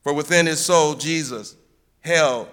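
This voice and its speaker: A man preaching a Good Friday sermon, measured and emphatic, lifting his voice on the quoted cries from the cross. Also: a little high, fairly bright tone, clear, resonant tone.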